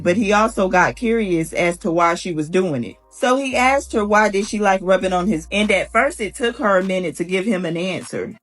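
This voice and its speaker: A speaker recounting a funny story about a brother's date in a steady way. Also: medium pitch. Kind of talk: storytelling monologue.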